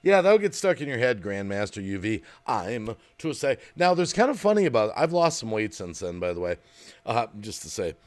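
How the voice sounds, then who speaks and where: A man's voice: lowish voice, sing-song, normal speed. A middle-aged man from Wisconsin chatting casually on a live stream, rambling and reading chat comments aloud. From Wisconsin, USA.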